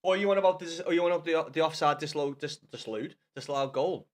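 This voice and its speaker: Speaking quickly in a higher-pitched voice, this young Scouse lad from Liverpool rambles about football during a live stream. He swears freely and greets viewers by name.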